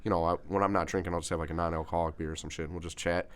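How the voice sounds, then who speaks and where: Casting: male podcast host, very low voice, laid-back, cusses a lot in easy banter. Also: level tone, very fast, clear, resonant tone. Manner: laid-back, swears freely. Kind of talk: casual podcast chat.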